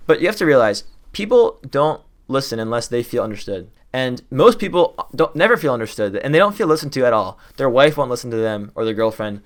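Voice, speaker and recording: A young man runs through sales-call tips to camera at a rapid clip, excited and riffing freely. His voice sits at an ordinary middle pitch, and he sounds like he is making up examples on the spot. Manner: excited, fast-talking, riffs off the top of his head. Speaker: sales trainer. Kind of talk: fast casual teaching to camera.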